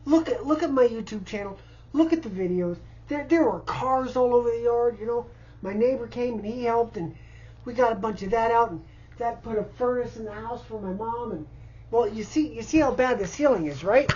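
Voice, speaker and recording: A man's voice: very high voice, moderate pace, darkish tone, highs cut off. A man in his fifties from Indiana, stammering and repeating words as he pleads for help indoors in a cluttered house. He sounds distressed and overwhelmed. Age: 50s. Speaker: vlogger asking for help. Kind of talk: unscripted personal appeal.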